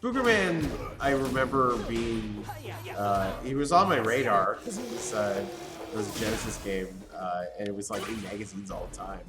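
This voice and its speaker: A man's voice: on the low side, animated, moderate pace. Rambling man on an echoey stream. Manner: rambling, searching for names, many fillers. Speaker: game developer co-hosting a stream. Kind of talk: casual chat while playing. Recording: echoey room with faint music.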